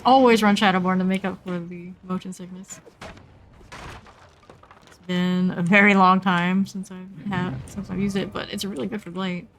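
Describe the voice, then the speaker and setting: A woman streams a game with casual, chatty commentary, talking to herself, tossing in playful asides, and breaking into sudden excited squeals. Her voice is on the low side, with a little hiss or hum in the audio.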